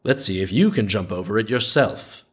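Guy reading as a cocky little tailor showing off, lowish voice, storybook style. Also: lively intonation, moderate pace, breathy edge. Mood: smug. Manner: bragging, smug. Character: boastful cunning little male tailor.

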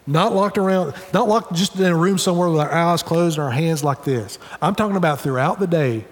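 A man's voice: on the high side, long reverb tail. A male pastor preaching a sermon in an earnest, conversational way, with wry asides. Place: church sanctuary.

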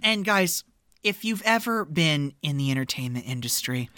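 A woman's voice: deep voice, normal speed, no room sound, studio quality. A woman co-hosting a podcast, recapping a movie in casual chat and acting out the scenes with lots of energy. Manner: animated, acting out scenes with giggles. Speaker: podcast co-host.

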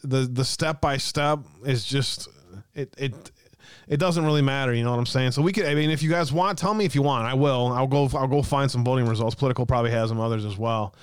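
A man hosting a live stream, chatting with viewers in a loose, joking way and laughing often. His voice is smooth and resonant. The sound is dry and close to the mic. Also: mid-range voice, fairly quick, dry recording. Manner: chatty, reads chat aloud, laughs often. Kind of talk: casual live-stream chat.

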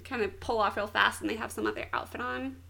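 A woman's voice: fairly high pitch, fast talker, gravelly. A young woman in casual chat, animatedly recapping an anime plot with lots of "like" and giggles. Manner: animated storytelling, frequent "like", giggly.

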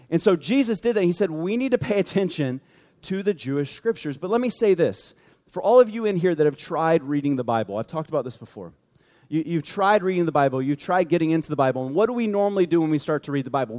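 A man with a high voice preaches a conversational sermon and slips into the voices of the people in his stories. His words ring out with a long reverb, as in a large hall. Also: lively intonation, quick pace, a little mellow. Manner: conversational, acts out quoted voices. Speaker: pastor.

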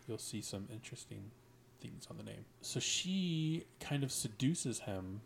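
A man on a podcast, retelling one of his stories in a casual, halting way. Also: on the low side, vocal fry, darkish tone, a little hiss or hum. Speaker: podcast guest, writer. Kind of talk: casual chat, retelling a story.

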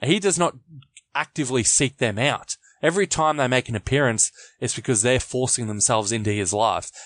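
A man's voice: medium pitch, dry recording. A man co-hosting a podcast, chatting casually about a film and acting out quotes in a raised voice. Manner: animated, acts out quotes in raised voice. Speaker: podcast co-host. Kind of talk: casual film review chat.

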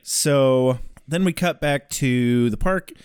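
A man's voice: medium pitch, slow pace, soft background music. A man co-hosting a casual podcast, recapping a TV episode, laughing often and putting on silly voices. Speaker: podcast co-host.

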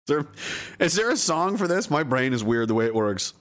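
A man's voice: medium pitch, very animated, normal speed. A man streaming, ranting in a sarcastic, rambling way with stumbling restarts. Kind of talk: casual ranting commentary. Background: music.

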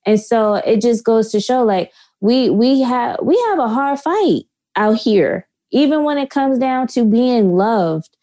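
A woman, co-hosting a casual chat, slow and emphatic and quick to laugh. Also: on the high side, lively intonation, warm tone.

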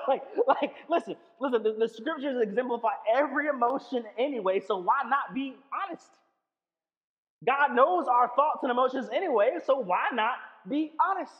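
A man preaching a sermon in a conversational, playful way, swinging between loud and hushed. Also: very high-pitched, lively intonation, moderate pace, big-room sound, lo-fi sound.

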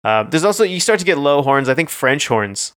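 A man's voice: a little high, big pitch swings, a little fast, a bit bright. A young man co-hosting a podcast, chatting casually and rambling about music with hesitant ums. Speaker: podcast co-host.

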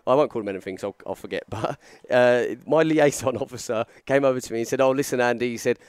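A young man telling a story on a podcast, animated, acting out quotes with lots of fillers and restarts. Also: mid-range voice, fast talker, clean tone, no echo, studio quality. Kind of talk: casual storytelling chat.

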